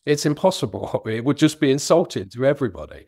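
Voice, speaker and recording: A man's voice: mid-range voice, lively intonation, fast, warm tone, breathy edge, dry recording. Earnest middle-aged London man, dry close sound. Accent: London, slightly Cockney. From England. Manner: earnest, reflective, occasional self-amused laughter. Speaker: author and business guest. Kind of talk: candid interview answers.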